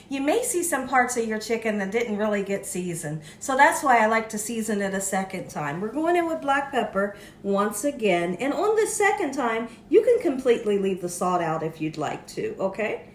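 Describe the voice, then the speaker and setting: A woman's voice: fairly high pitch, lively intonation, moderate pace, few pauses, slight background noise. A woman hosting a cooking tutorial in a kitchen, chatty and often checking in with the viewer. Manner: chatty, frequently checks in with "okay". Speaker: cooking show host. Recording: echoey room.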